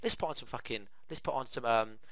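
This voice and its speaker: A young man streaming a game, excitedly telling stories in a casual, swearing manner and acting out the voices of people in them. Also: medium pitch, fast, dry recording. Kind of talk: casual storytelling while playing a game.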